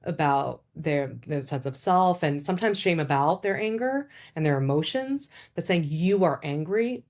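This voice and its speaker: At a moderate pace, a low-voiced woman talks through advice in the easy manner of a relaxed psychologist. The casual educational talk is full of fillers and small asides, and her pitch leaps whenever she quotes someone.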